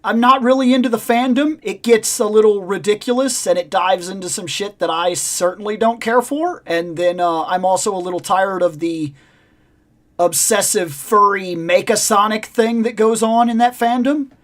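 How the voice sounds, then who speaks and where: A podcast co-host in casual chat, telling long rambling stories and stretching words for emphasis. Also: medium pitch. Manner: rambling storyteller, drawn-out emphasis.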